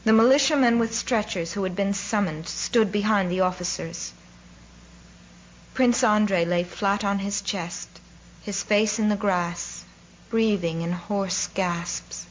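A woman reading a novel aloud as an audiobook narrator, in a measured way, lifting her voice for the characters' shouts. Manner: measured, voicing characters' cries with raised pitch. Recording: slightly dull recording with faint noise.

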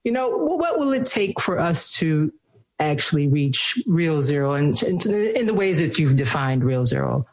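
A woman's voice: deep voice, expressive, measured pace, darkish tone. A woman co-interviewing a guest, asking questions in a wry, conversational way.

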